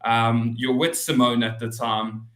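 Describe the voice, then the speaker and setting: Bright-voiced host, echoey room. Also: male voice, medium pitch, a little slow. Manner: relaxed, matey questions. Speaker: podcast host. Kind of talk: casual podcast interview.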